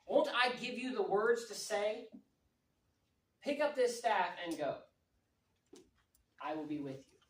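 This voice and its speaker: A woman voicing a commanding male god in a firm, measured way, recorded with roomy echo from a distant mic. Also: medium pitch, animated. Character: commanding ancient male deity.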